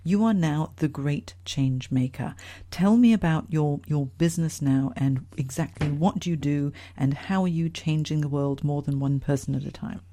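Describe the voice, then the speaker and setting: A woman hosting a podcast interview, asking questions in a lively, enthusiastic way. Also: low voice, moderate pace. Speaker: podcast host, career coach.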